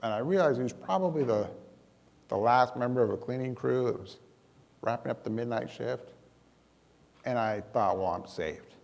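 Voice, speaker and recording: A man giving a talk, telling a personal story to an audience in a lively, self-deprecating way with comic timing. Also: medium pitch, normal speed, creaky, pauses often, in a large hall. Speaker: emergency manager giving a talk.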